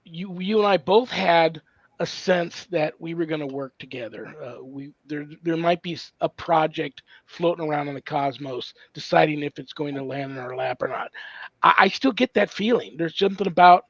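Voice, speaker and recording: Man, podcast host, fairly high voice, halting and effusive, dry muffled sound. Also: gravelly, fairly bright tone, no room sound. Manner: halting, effusive, restarts often. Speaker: host, priest. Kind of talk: casual podcast interview. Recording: dull, dry lo-fi audio.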